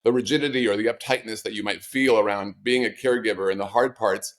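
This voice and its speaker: A man's voice: fairly low pitch, steady tone, fast talker. A man, the author guest in an interview, telling personal stories in a reflective, conversational way with flashes of wry humor.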